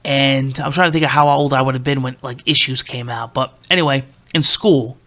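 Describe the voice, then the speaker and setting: A man in his thirties hosting a podcast, telling a concert story in a profane, excitable, rambling way. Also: mid-range voice, a little fast. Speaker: podcast host. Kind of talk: casual storytelling.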